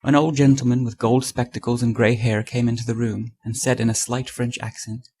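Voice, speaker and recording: Husky, gravelly male storyteller. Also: medium pitch, flat delivery, brisk, few pauses, warm tone. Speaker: audiobook narrator. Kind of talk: scripted narration.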